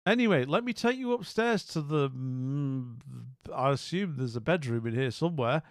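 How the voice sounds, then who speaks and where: A man's voice: mid-range voice, lively intonation, moderate pace, no room sound, clean studio sound. A man streaming casually, rambling and bemused as he talks to viewers, with many restarts and asides. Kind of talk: casual live-stream commentary.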